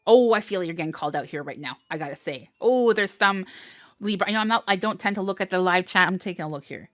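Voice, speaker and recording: A woman's voice: lowish voice, quick pace, fairly bright tone, dry recording, clean studio sound. A young adult woman giving a live-streamed tarot horoscope reading, bubbly and encouraging, with frequent laughs, fillers and restarts. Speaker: tarot reader.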